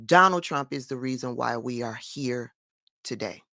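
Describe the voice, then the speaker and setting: A woman's voice: very deep voice, moderate pace, pushed and bright, no echo, clean studio sound. A woman giving firm, emphatic political commentary in a vlog monologue.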